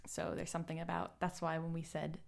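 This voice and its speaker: A woman co-hosting a relaxed podcast chat, chatty and playful, with easy laughter. Her voice sits a little low and has a gravelly fry to it. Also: a little fast. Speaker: podcast co-host.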